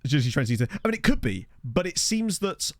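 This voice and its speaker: A male gaming streamer casually commentates a football management game, thinking aloud in a chatty way with animated pitch swings. He talks a little fast into a desk microphone, and the studio sound is clean with no echo.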